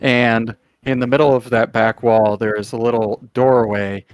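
A man narrating as game master of a tabletop game, in a relaxed, drawn-out way with pauses. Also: medium pitch, no echo.

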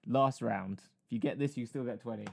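A man chatting casually as a game player, swearing freely and exclaiming loudly. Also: medium pitch, fairly quick, vocal fry. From England. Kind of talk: casual chat.

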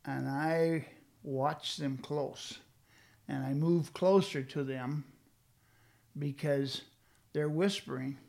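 A man's voice: on the high side, fairly even intonation, takes it slowly, vocal fry, long pauses, a little mellow. An older man speaking reflectively in a conversational discussion, with frequent fillers and restarts. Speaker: guest speaking on leadership.

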